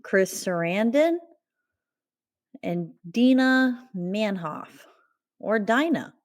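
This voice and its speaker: A woman's voice: mid-range voice, lively intonation, very slow. A woman co-hosting a podcast, recapping a horror movie in casual chat, rambling with fillers and laughs. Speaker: podcast co-host.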